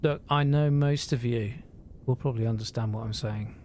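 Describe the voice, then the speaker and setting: A man's voice: mid-range voice, a little mellow, slight background noise. Earnest man rambling on a live stream. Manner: earnest, emotional, swears freely, halting restarts.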